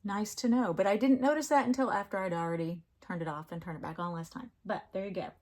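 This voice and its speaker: A woman's voice: mid-range voice, quick pace, a little mellow. A woman in a casual home crafting vlog, chatting in a rambling, fond way about her finished projects. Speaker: crafting vlogger. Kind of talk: casual chat.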